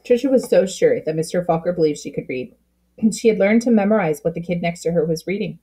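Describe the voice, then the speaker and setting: A woman reading a children's book aloud with expressive storytelling, slowing down at key moments. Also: lowish voice, slightly rough. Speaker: storybook reader.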